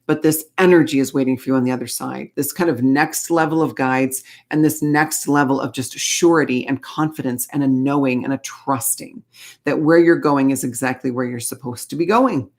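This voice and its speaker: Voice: mid-range voice, steady tone, moderate pace. Gushing, chatty oracle card reader. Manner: gushing, chatty, full of fillers and asides. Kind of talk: casual spiritual card reading.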